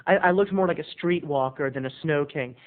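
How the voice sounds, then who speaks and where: A man telling a funny personal story in an animated, self-mocking way with quick asides, heard through a tinny phone-like sound. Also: a little high. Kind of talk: comic storytelling.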